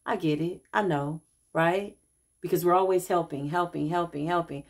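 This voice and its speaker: A middle-aged woman who calls herself a healer tells a casual vlog story, addressing viewers as y'all and acting out the people she quotes. Her voice sits lowish, with a steady tone and a normal pace.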